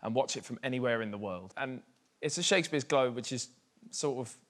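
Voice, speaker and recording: A man's voice: medium pitch, fairly quick. Easygoing young man, chatty and loose. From England. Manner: loose and chatty, full of "sort of" and "like". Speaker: musician guest. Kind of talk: casual chat.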